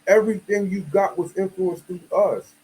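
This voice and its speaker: Man, casual slang-heavy rant, raised pitch, warm tone, faint background noise. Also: fairly even intonation, moderate pace, low-quality recording. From United States. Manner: emphatic slang-heavy ranting, frequent "you feel me" asides. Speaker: video commentator. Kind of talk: casual monologue.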